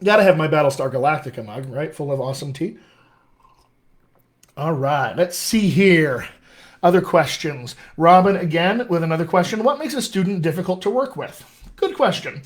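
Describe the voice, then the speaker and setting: A man working as a dialect coach, answering viewer questions in a casual live session, upbeat and encouraging. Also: fairly high pitch. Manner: upbeat, encouraging, chatty with restarts. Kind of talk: live-streamed Q&A, casual teaching.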